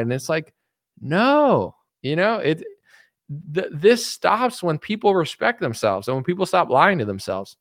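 A man's voice: fairly high pitch, very animated, measured pace, a bit bright, no room sound, clean studio sound. A man giving rambling, sarcastic political commentary in a solo vlog, full of "it's like" and mocking quotes.

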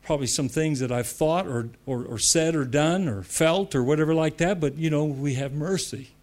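A man's voice: a little high, moderate pace. Emphatic American man preaching a sermon. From United States. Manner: emphatic, rising to loud declarations; repetitive, conversational asides. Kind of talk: sermon to church leaders.

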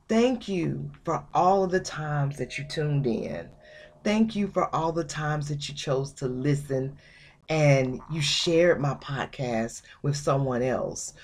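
A woman from Georgia, hosting her own podcast and talking casually and emphatically, often laughing. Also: low-pitched. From Georgia, USA. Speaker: podcast host.

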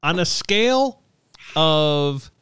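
A man's voice: fairly high pitch, expressive, extremely slow, fairly bright tone, clear, resonant tone, no room sound, clean studio sound. A man hosting a casual group chat, who laughs easily and leads the others through a vote. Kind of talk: casual chat reacting to a video.

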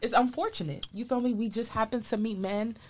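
A woman's voice: a little high, fairly even intonation, a little fast, darkish tone. A woman co-hosting a casual podcast chat, emphatic and opinionated, often leading in with "I will say". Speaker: podcast co-host.

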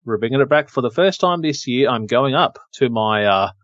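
A man's voice: medium pitch, animated, moderate pace, fairly bright tone, dry recording, highs cut off. A man co-hosting a podcast in casual, joking, rambling chat. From Australia. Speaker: podcast co-host.

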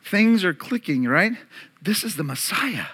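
High, bright-voiced preaching pastor man. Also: big pitch swings, measured pace, husky. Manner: earnest preaching, asks the congregation direct questions. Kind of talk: Easter sermon.

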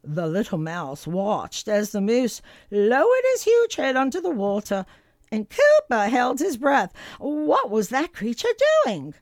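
An older woman from Canada reads a children's storybook aloud, her voice swooping high and low in an animated, expressive way. She sits a touch high for a woman, and the sound is dry and close. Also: a little slow, no room sound.

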